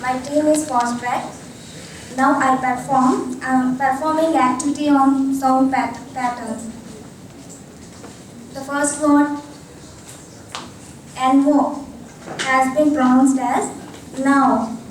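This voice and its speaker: A high-pitched young woman gives a slow classroom presentation, spelling each word letter by letter before saying it. She is picked up from far across a very echoey classroom with faint noise behind her. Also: fairly even intonation. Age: young adult. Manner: spells out words letter by letter, then says them. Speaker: college student. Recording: echoey room, distant mic, faint noise.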